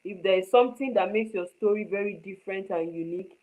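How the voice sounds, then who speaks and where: Speaking fast in a medium-pitched, somewhat mellow voice, a woman leads a live online screenwriting class, though the audio's highs are cut off. She drives points home through repetition and regularly checks that her students are following.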